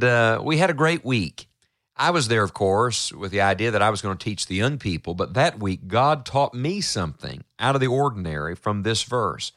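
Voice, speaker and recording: A man's voice: on the low side, fairly bright tone, dry recording. A man preaching an earnest Bible-teaching sermon, speaking emphatically into a close mic.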